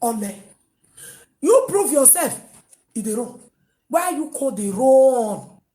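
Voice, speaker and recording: A woman with a Nigerian Pidgin accent hosting an online gossip show, mocking loudly and breaking into sung chants. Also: sits high, expressive, slow pace. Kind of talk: animated gossip commentary. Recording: echoey room.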